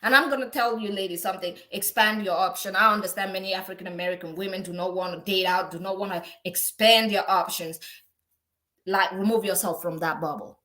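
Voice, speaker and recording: A woman's voice: medium pitch, steady tone, brisk, bright, forceful tone. A woman hosting opinionated celebrity news commentary, lecturing outspokenly and often restarting her words mid-sentence. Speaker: commentary channel host.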